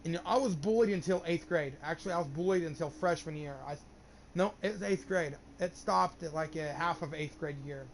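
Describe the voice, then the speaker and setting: A man's voice: a little high, a little fast, slight background noise. A young man telling a long personal story in casual chat, rambling and swearing often, with lots of restarts. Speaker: gamer streamer.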